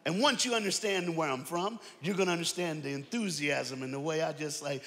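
A man preaching an energetic sermon to a church crowd, calling out to them. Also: on the high side, a little fast. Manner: animated, shouting preaching with crowd call-outs. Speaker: guest preacher. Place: large church auditorium. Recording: long hall reverb.

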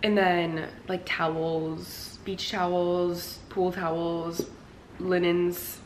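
This lifestyle vlogger, a young adult woman, speaks very slowly in a fairly low, level voice while chatting to camera at home. She rambles casually and leans heavily on "like," with a roomy echo and faint noise in the recording.

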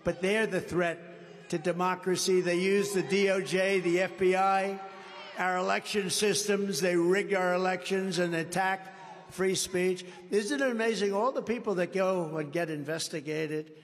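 A man giving a campaign rally speech in a large indoor venue. He rambles and repeats himself for emphasis, swinging from shouted lines to low asides. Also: fairly even intonation, unhurried. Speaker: political candidate. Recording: reverberant hall, faint background noise.

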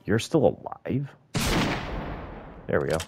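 A man giving live gameplay commentary, muttering and swearing to himself, with loud frustrated outbursts. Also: sits low, sing-song, slow pace, gravelly, heavy background noise. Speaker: gaming video host.

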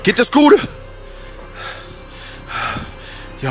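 A man hosting a family skit vlog, talking excitedly to a phone camera, often shouting. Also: sits high, brisk, faint music behind. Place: outdoors at night, then in a car.

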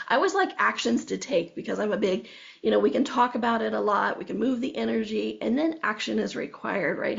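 Gravelly woman, conversational coach. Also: a little high. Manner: conversational, tags lines with "okay?" and "right?"; acts out dialogue in storytelling. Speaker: body-awareness speaker. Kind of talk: motivational online talk. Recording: dull lo-fi recording.

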